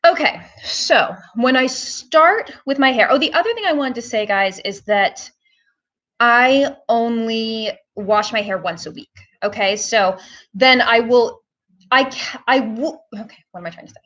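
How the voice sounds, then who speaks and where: A woman's voice: a little high, lively intonation, measured pace, a bit bright, lo-fi sound. A woman hosting a casual live-stream hair tutorial, chatting to her viewers with lots of fillers. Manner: chatty, filler-heavy, talks to viewers as "guys".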